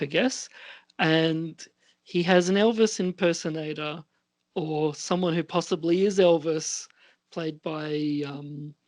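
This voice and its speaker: A man's voice: on the high side, dry recording. A man co-hosting a podcast, chatting casually about films in a rambling, hesitant way with many fillers. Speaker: podcast co-host. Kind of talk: casual film chat.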